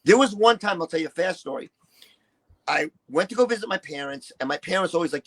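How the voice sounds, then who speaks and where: Man, 60s, high-pitched voice, retired stage act, candid and foul-mouthed interview guest. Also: fairly quick, husky, rough recording. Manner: profane, animated, acts out quotes. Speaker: interview guest, retired shock-rock performer.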